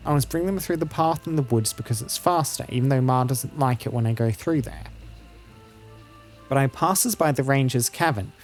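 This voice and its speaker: An earnest little farm girl from a fantasy game, talking fast and insisting her scary story is true, as a man puts her on. Her pleading is anxious, and her voice sits a little above an everyday one. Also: mid-range voice, soft background music, lightly acted. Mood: earnest, scared.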